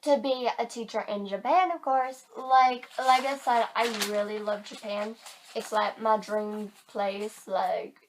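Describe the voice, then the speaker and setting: Chatty teen girl vlogger, high voice. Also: steady tone, a little slow. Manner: chatty and giggly, lots of "like". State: tired. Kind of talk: casual chat to camera.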